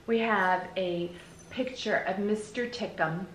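Bright-voiced teacher reading aloud. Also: female voice, mid-range voice, takes it slowly. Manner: friendly, explaining to kids. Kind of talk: read-aloud for children. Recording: echoey room with faint hiss.

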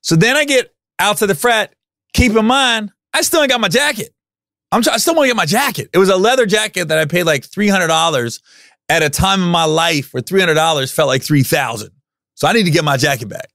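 A man in his forties hosting a podcast, telling a personal story in a casual, animated way and acting out what people said. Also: high voice, fairly quick, gravelly, no echo, studio quality. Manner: animated, acts out quotes in loud raised voices. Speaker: podcast host.

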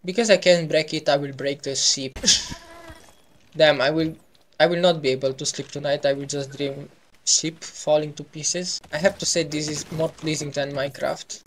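A man with a gravelly, creaky voice chatting through a game he is playing for his channel. He talks casually and playfully, gets excited easily and throws in goofy sound effects, with a faint hiss underneath. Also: fairly high pitch, normal speed. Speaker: gaming YouTuber. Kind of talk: casual gameplay commentary.

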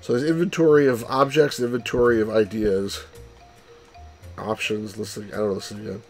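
A man's voice: fairly low pitch, fairly even intonation, a little fast, soft background music. A man hosting a let's play, rambling and wry as he comments on a game, with the odd swear.

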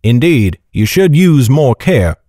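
A man voicing a grave, wise older knight who speaks in a measured, soft way. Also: mid-range voice, dry recording, studio quality. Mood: grave, gentle. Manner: measured, calm, soft-spoken.

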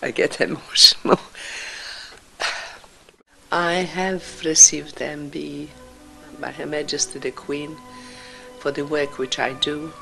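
Older woman, slow halting testimony, gravelly fry, breathy whispers. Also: low-pitched, fairly even intonation, soft background music, poor audio. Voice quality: gravelly, husky voice. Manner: slow, emotional, halting delivery with whispered passages. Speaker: Holocaust survivor speaker. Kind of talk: personal testimony.

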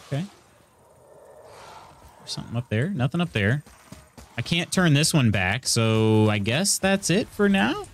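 A male streamer from central Illinois talks his way through a game live, musing aloud and welcoming viewers by name. His pitch sits in a middling range for a man, with a faint hiss of background noise under the voice. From central Illinois, USA. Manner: chatty, thinking aloud, greeting chat. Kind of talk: casual live gameplay commentary.

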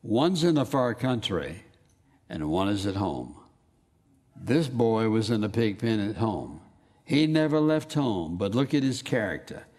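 A man's voice: on the low side, big pitch swings, darkish tone. Man preaching an emphatic sermon. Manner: emphatic, quotes scripture in slow dramatic readings.

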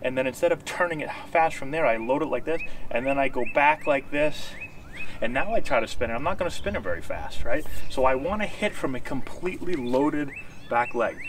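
A man's voice: medium pitch, animated, brisk, a little hiss or hum. A man coaching baseball hitting, explaining and demonstrating moves while checking that viewers follow, a little out of breath. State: slightly out of breath. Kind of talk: instructional demonstration. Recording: distant outdoor camera audio, faint ambience.

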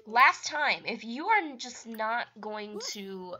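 A woman hosting a video game let's-play, chatting casually and pleading with the characters in an animated, playful way. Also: fairly high pitch, slow pace. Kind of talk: casual commentary while playing a life-sim game. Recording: dull lo-fi mic.

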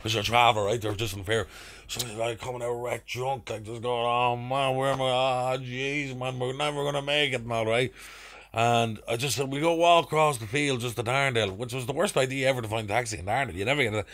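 Irish guy in his twenties, Dublin accent, rowdy anecdote teller, mid-pitched voice. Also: brisk. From Ireland. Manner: animated anecdote-telling with crude slang and put-on voices. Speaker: podcast guest, actor. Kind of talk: casual storytelling.

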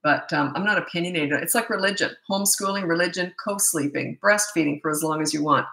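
A woman's voice: on the low side, fast, creaky, a bit bright. A woman in her sixties from North America, a parenting coach answering viewer questions on a live stream in a chatty, candid way with rambling asides. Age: 60s. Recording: echoey room.

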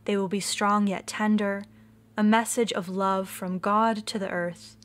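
A woman reading the part of a wise, ancient female turtle, speaking slowly and gently. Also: mid-range voice, steady tone, lightly acted. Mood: solemn. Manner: slow, gentle and measured.

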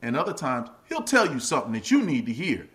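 A middle-aged man tells stories as a podcast guest, his voice bright and forceful. He talks in a lively way, slips into other people's voices as he goes, and laughs often. His pitch sits in the middle for a man. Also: quick pace. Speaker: actor and comedian guest. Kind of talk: animated storytelling in casual chat.

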